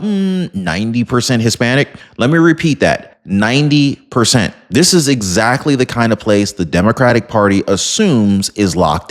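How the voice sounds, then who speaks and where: Animated man with a lively, swooping voice. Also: medium pitch. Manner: animated, sarcastic, talks straight to viewers. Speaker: political commentary host. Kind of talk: casual political commentary monologue.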